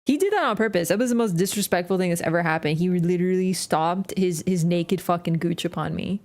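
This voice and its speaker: A woman streams a game live, giving casual commentary as she plays in a fairly low, darkish voice at a slightly fast clip. She swears freely and keeps bursting into laughter.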